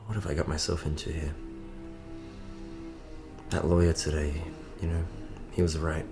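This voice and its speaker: An actor playing a troubled man who blames himself for his mother's death, quiet and weary. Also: very deep voice, flat delivery, normal speed, loud music behind the voice.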